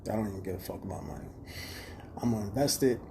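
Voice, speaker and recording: A man talks straight into his phone on a livestream. His voice is mellow and dark-toned. He rambles bluntly and swears freely in a streetwise way. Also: lowish voice, lively intonation, fast, a little hiss or hum. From Chicago. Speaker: livestream host. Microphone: phone camera.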